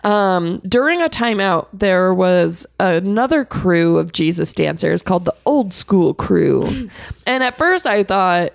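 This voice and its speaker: A woman talks slowly through a story in a relaxed group chat. Her voice carries a gravelly fry. The sound is dry and close. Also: on the low side, no echo. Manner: recaps events in storytelling mode. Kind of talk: casual chat.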